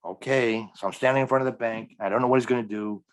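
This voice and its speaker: A man's voice: medium pitch, fairly even intonation, quick pace. A middle-aged man, a stand-up comedian, telling a long story in a podcast interview and acting out the dialogue with energy. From Milwaukee area, US.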